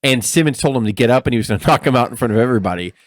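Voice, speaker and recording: A man's voice: mid-range voice, rapid-fire, no room sound, clean studio sound. A man co-hosting a casual wrestling podcast, telling stories with animation and acting out the people he quotes. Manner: animated storyteller who acts out quoted people. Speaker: podcast co-host. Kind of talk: casual chat.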